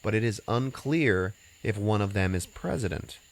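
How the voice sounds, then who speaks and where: A man with a very low voice recaps a movie for a podcast. He talks loosely and casually, with lots of fillers, restarts and swearing. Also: expressive, moderate pace. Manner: rambling, filler-heavy and profane. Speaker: podcast host recapping a film.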